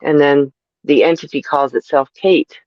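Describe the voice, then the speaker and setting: A woman co-hosting a casual chat, speaking in a measured, careful way and correcting details with hesitant fillers. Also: low voice, fairly even intonation, darkish tone, dry recording. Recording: dull lo-fi sound.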